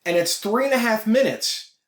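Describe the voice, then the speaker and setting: A man's voice: high-pitched, lively intonation, moderate pace. A man casually reviewing a film, blunt, swearing a lot and gushing with enthusiasm. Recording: echoey room.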